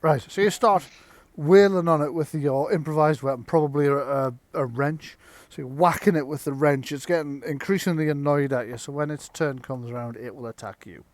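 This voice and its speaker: A man narrating as game master of a live-streamed tabletop game, halting with ums while he tallies dice and describes the fight. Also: on the high side, no room sound. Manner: halting, full of ums and restarts while tallying rolls.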